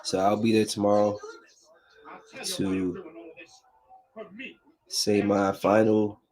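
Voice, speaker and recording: A man's voice: lowish voice, little pitch movement, slow, darkish tone. A man hosting his own podcast, chatting casually and with feeling about his week. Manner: loose and heartfelt, drifting between grief and upbeat chatter. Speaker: podcast host. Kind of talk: casual solo podcast talk.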